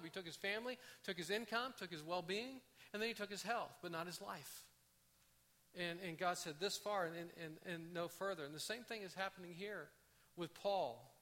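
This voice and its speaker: A man preaching a conversational sermon, often restarting his phrases. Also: high-pitched. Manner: conversational, animated, with frequent restarts. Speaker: pastor.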